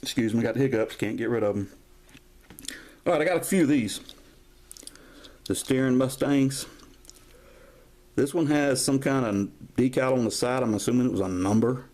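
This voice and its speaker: A man's voice: medium pitch, moderate pace, pauses often, a little mellow. Man, 50s, home collector vlog, folksy and rambling, chatty camera-mic sound. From Georgia, US. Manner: rambling, folksy, drifts into stories. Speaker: toy collector vlogger. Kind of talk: casual show-and-tell collection vlog. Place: at home, filming toys on camera.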